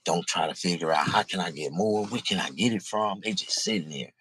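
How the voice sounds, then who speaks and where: A man's voice: low voice, normal speed, a bit bright, slightly rough, dry recording. A middle-aged man in a casual, profane, rambling monologue, talking confessionally to the camera. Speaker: vlogger.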